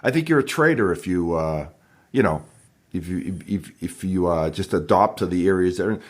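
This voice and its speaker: A middle-aged man with a Boston accent hosts the conversation in a friendly, easygoing way. His voice sits low for a man. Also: animated, normal speed. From Somerville, Massachusetts, USA. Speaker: podcast host. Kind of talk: casual podcast interview.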